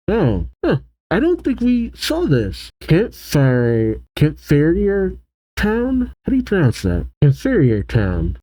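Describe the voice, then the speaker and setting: A man's voice: mid-range voice, mellow, no echo, poor audio. A man reading a comic aloud and reacting to it, breaking off with amused exclamations. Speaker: manga reaction host.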